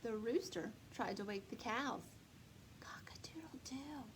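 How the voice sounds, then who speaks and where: A woman librarian reading a picture book aloud to young children, slowly and expressively. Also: on the high side, slight background noise, low-quality recording. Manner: slow, lively, expressive, speaks to children. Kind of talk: storytime read-aloud.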